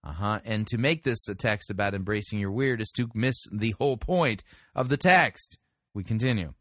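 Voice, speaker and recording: A man's voice: fairly low pitch, expressive, moderate pace, fairly bright tone, no echo, studio quality. A man hosting a show who reads scripture aloud and corrects a sermon's retelling of it. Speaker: host reviewing a sermon. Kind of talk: critical commentary with scripture reading.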